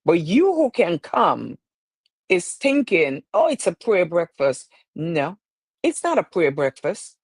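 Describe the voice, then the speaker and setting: A woman's voice: medium pitch, a little mellow, no room sound. A woman hosting her own stream, speaking in an emotional, preacherly way with repeated phrases. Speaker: show host. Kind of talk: impassioned live-stream talk.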